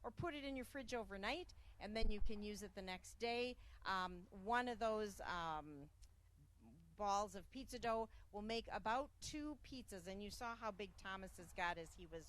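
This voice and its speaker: Woman, cooking-show host, mid-pitched, upbeat and chatty with lots of ums. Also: normal speed, a bit bright. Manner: chatty, filler-heavy, upbeat promotional. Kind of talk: live cooking show hosting.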